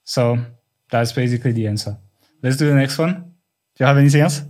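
A man's voice: mid-range voice, a little mellow. A man with a French accent, a non-native English speaker co-hosting a podcast, explaining at length in casual chat. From France. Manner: rapid talker who explains at length. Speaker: podcast co-host.

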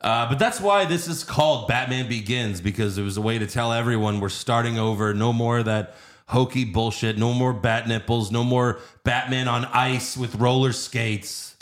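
A man talking casually and profanely about movies, animated and mocking, on a podcast. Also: medium pitch, normal speed.

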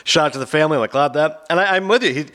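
Fast-talking bright-voiced man storyteller. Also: a little high. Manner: rapid, animated storytelling. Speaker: podcast co-host. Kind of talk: casual chat.

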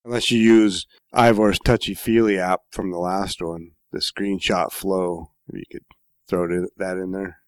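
A man chatting casually as a co-host, relaxed and dropping wry remarks. His voice sits low. The sound is dry, with no room echo. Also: unhurried. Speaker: podcast co-host. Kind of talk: casual chat.

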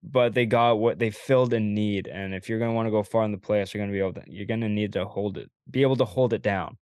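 Man, lowish voice, dry close sound, relaxed, agreeable, podcast host, casual hockey talk. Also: quick pace, clean tone, no room sound. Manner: relaxed, agreeable, laughs often, hands off questions.

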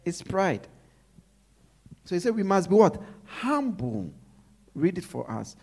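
A man's voice: high voice, big pitch swings, slow, gravelly, a little mellow, breathy edge. A male preacher giving a sermon, repeating his points with emphasis and asking the congregation to finish his sentences.

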